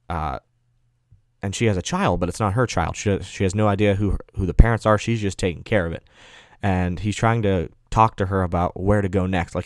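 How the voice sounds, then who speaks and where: A man giving a casual, rambling film review, full of fillers and quick self-corrections. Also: deep voice, no echo, clean studio sound.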